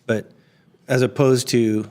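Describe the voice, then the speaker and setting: A man co-hosting a podcast in casual chat, rambling and halting, with many fillers and restarts. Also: mid-range voice, fairly even intonation, darkish tone. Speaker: podcast co-host.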